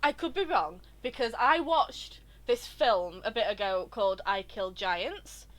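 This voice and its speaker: A woman streaming a video game, chatting in an excitable, rambling way. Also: on the high side, a little slow. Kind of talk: live game commentary.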